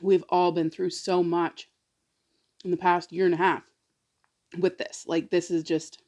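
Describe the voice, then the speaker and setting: This mukbang vlogger delivers a personal story flatly and unhurriedly, her voice on the low side and a little mellow. She rambles casually, uses "like" constantly, and confides emotional asides.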